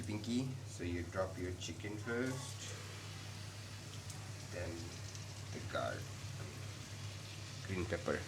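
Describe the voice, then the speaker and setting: Playful low-voiced man cooking. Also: very noisy. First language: Bengali. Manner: playful and self-amused, joking asides. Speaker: home cook vlogger. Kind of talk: casual cooking narration.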